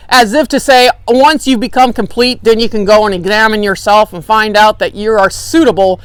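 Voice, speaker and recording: A woman teaching a Bible study, lively and conversational, acting out quotes with emphatic bursts. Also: fairly high pitch, normal speed, hardly any pauses, smooth, no room sound. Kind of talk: lecture. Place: church meeting room.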